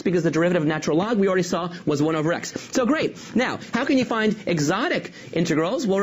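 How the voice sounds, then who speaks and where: A calculus teacher giving a rapid, enthusiastic review lecture. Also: mid-range voice, husky. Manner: enthusiastic, upbeat explaining.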